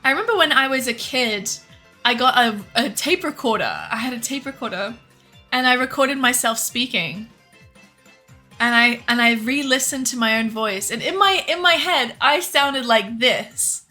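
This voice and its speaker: Woman, young, bright voice, slightly high, candid rambling streamer chat. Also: animated, normal speed, soft background music. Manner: candid, rambling, frequent swearing and laughs. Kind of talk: casual chat while cooking and gaming.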